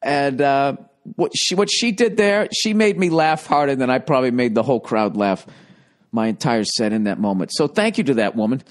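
A man's voice: mid-range voice, animated, moderate pace. Middle-aged male comic, casual monologue, swears freely, wry rambling asides. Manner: profane, rambling, wry storytelling. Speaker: comedian hosting a podcast.

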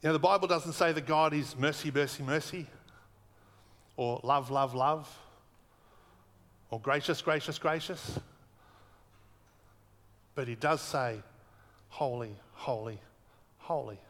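A man preaching a sermon earnestly, slowing down and repeating words for emphasis. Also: a little high, a bit bright, in a large hall. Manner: earnest, emphatic repetition, slows for weight.

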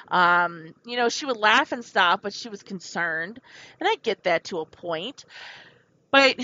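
A woman's voice: a little high, bright, forceful tone. A woman frankly telling her own life story to her viewers in a rambling, confessional way. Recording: dull lo-fi recording.

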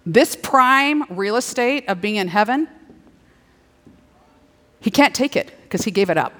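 A middle-aged woman preaching a sermon, playful and animated, slipping into little acted-out dialogues. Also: medium pitch, a little slow. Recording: long hall reverb.

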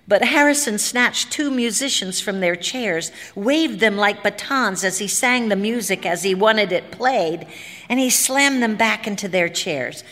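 A woman narrating a story in a dramatic, expressive reading. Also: medium pitch. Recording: long hall reverb.

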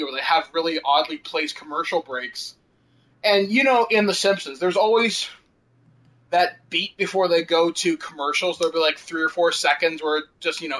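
A man with a high, bright voice talks loosely on a podcast. He rambles through anecdotes, drops casual swears and laughs between lines. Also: low-quality recording. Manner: chatty, laughs often, swears casually, many fillers.

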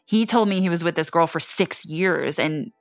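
Earnest woman with a low voice. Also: normal speed, dry recording. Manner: earnest, close to tears at times. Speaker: interviewee telling her story. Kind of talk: emotional personal account.

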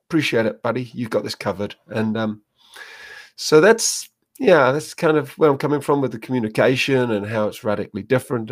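A man, a dog trainer being interviewed, telling stories and acting out little scenes. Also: medium pitch. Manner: storytelling, acts out little quoted scenes. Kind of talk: casual interview talk.

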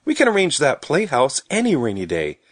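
A man's voice: fairly high pitch, very animated, measured pace, pitched above the performer's own voice, full character voice. A man voicing an impatient little girl who talks in a fretful, emphatic way.

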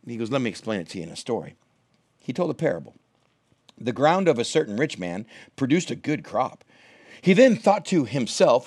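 Animated man in his thirties preaching. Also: fairly quick, breathy edge, no room sound, studio quality. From United States. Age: 30s. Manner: animated storytelling, acting out quoted voices with big pitch jumps. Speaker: pastor. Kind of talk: sermon.

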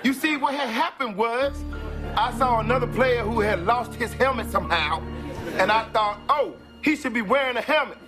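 A man's voice: extremely high pitch, moderate pace, music in the background, voice pushed up. A man putting on the voice of a football player earnestly explaining an absurd excuse. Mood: sheepish.

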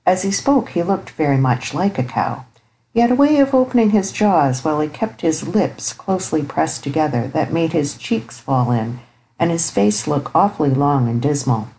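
Woman, audiobook narrator, low pitch, measured, even. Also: low-quality recording. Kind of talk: scripted narration.

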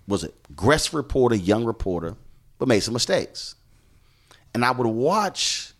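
A deep-voiced, animated middle-aged man from Houston, Texas, tells stories conversationally as a podcast guest. He's a journalist and show host, speaking emphatically and acting out the dialogue he quotes.

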